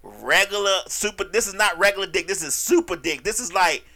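A man, co-hosting a casual podcast chat and telling an animated comic story. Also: high-pitched, brisk. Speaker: co-host.

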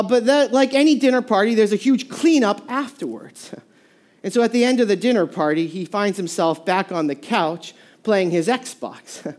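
Animated preacher telling a story. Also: mid-range voice. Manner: animated storytelling with frequent restarts and laughs. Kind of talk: sermon.

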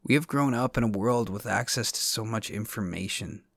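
A man's voice: fairly low pitch, normal speed, gravelly, a bit bright. A man hosting a podcast, delivering a scripted monologue with dry, sardonic humor. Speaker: podcast host.

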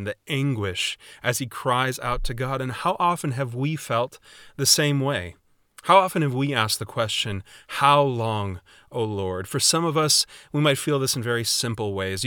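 A man preaching a sermon in a measured, earnest way, with readings from scripture. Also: mid-range voice, pushed and bright, no room sound, clean studio sound. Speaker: pastor.

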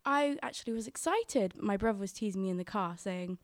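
A woman's voice: medium pitch, lively intonation, a little fast, no echo, clean studio sound. A young woman telling a personal story on stage, chatty and quoting her own thoughts.

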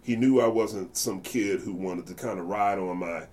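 A man's voice: deep voice, moderate pace. A man telling stories in a casual interview, acting out other people's voices as he goes. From United States. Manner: animated, acts out voices in anecdotes. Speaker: jazz bassist guest.

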